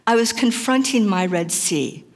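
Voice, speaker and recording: A woman's voice: medium pitch, a little slow, long reverb tail. A woman giving an earnest, emphatic chapel sermon that mixes scripture with personal testimony. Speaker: chapel speaker.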